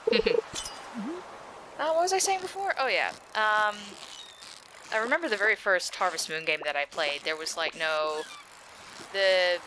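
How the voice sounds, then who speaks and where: A woman's voice: on the low side, noisy background. A young adult woman giving casual gaming commentary, chatty and rambling with a self-deprecating streak. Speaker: let's play gamer. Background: game music.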